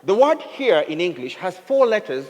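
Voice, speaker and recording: Kenyan male speaker, playful comic storyteller, animated pitch, reverberant hall. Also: moderate pace. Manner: comic storytelling, teasing the audience. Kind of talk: humorous motivational talk. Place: event hall with a live audience. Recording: reverberant hall, faint noise.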